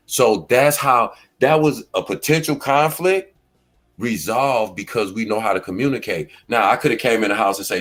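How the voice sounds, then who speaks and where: Middle-aged guy w/ aave, chill commentary chat, kinda low voice, acts out what people said. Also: moderate pace, fairly bright tone. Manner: laid-back storytelling, acts out quoted lines. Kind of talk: casual commentary talk.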